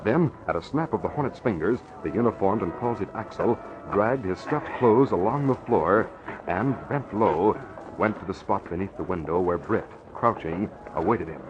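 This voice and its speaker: A man narrating an old radio drama in a measured, dramatic storytelling manner. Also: low voice, expressive. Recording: dull lo-fi old radio recording with music.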